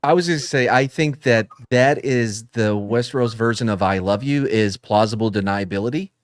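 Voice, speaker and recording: A man's voice: mid-range voice, normal speed, no room sound, studio quality. A man on a podcast panel, offhand and musing in casual chat.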